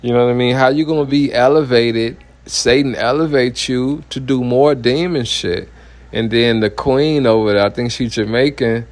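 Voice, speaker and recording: A man's voice: mid-range voice, moderate pace. A man, a minister giving a heated, blunt personal testimony full of profanity and repeated "you know what I mean".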